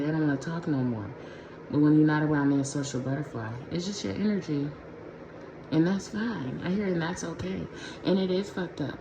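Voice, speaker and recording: A woman doing a casual pick-a-pile tarot reading for her viewers, talking in a slangy, profane, conversational way from a room at home. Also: low voice. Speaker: tarot reader. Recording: echoey room with clear background noise.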